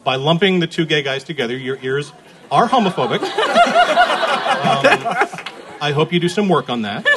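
Animated, joking man co-hosting a podcast. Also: on the high side, unhurried, long pauses, heavy background noise. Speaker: podcast co-host. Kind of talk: live podcast panel chat.

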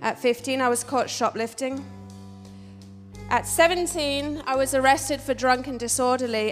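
A young English woman with a high voice tells a story on stage, wry and punchy. Her voice rings in a large hall with long reverb and faint music. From England. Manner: wry, animated, punchy delivery.

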